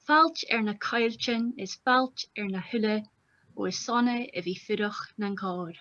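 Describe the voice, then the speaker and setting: A woman reading a song aloud as a guest, in a slow, lilting recital. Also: medium pitch, fairly bright tone. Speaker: guest reader. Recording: distant, dull lo-fi sound.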